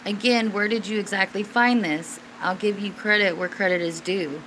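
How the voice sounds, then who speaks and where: A woman hosting a casual question-and-answer stream, rambling with many fillers and restarts, and at times suddenly getting excited and loud. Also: mid-range voice, normal speed, a little hiss or hum, rough recording. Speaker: livestream host answering viewers. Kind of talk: casual chat.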